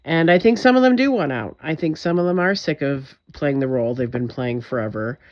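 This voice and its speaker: A woman's voice: low-pitched, expressive, a little fast. Intense, emphatic woman on a muffled recording. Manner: intense, emphatic, swearing, frustrated. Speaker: vlogger. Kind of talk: direct-to-camera monologue.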